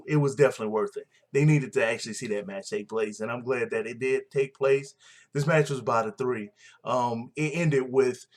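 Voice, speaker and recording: Blunt, rambling man. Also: mid-range voice. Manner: blunt, opinionated, rambling with fillers. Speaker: wrestling recap vlogger. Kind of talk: casual show recap.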